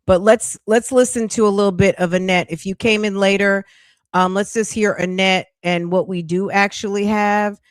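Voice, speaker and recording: A woman's voice: mid-range voice, fairly even intonation, normal speed, no room sound, studio quality. A woman reacting to a court livestream as a commentary streamer, her speech rising into incredulous outbursts.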